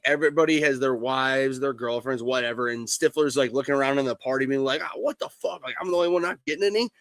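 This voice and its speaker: A man's voice: medium pitch, fairly bright tone, no room sound. A man co-hosting a live sports stream, animatedly retelling a movie scene in casual chat. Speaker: co-host.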